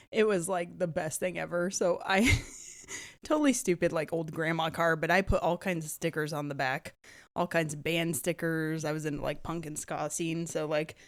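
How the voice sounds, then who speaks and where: Laughing, animated storyteller woman. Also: low-pitched. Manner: animated, laughing, heavy use of "like". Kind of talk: casual personal storytelling.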